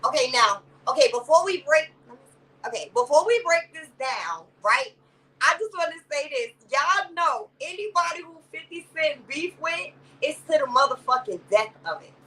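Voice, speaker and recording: High bright woman streaming commentary. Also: lively intonation, moderate pace, distant mic, rough recording. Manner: rambling, profane, fillers like "or whatever"; greets chat viewers by name, calls them baby and sister. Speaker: livestream commentary host. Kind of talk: casual live-stream commentary.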